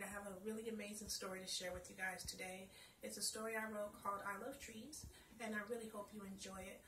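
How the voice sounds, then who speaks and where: A woman storyteller, chatty and expressive, reading her own children's story aloud. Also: a little high, reverberant, recorded from a distance, a little hiss or hum.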